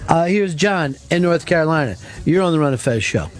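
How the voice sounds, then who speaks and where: A man with a slightly high voice hosts a call-in radio show. He chats easily with callers and reads out the phone number, with faint music running underneath. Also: animated, a little fast.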